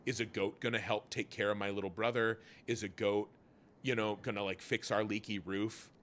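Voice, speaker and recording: A man's voice: on the low side, little pitch movement, normal speed, fairly bright tone, pitched below the performer's own voice, natural voice. A man voicing a skeptical young girl who grumbles bluntly about her hardships. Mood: grumbling.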